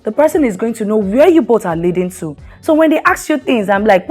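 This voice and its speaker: Husky woman giving marriage advice. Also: a little high, lively intonation, fairly quick, a little mellow, soft background music. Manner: earnest, preachy, asks the listener questions. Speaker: talk show host.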